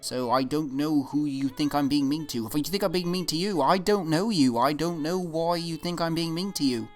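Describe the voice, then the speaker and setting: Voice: medium pitch, normal speed, hardly any pauses, soft background music. A YouTube commentator answering comments in a vlog, defensive and exasperated, rambling with frequent restarts.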